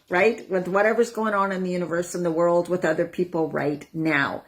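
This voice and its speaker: A woman over forty, a wellness coach, talking casually to her viewers, chatty and acting out her own inner voices with breathy sighs. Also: lowish voice, normal speed, few pauses. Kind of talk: casual talk to camera.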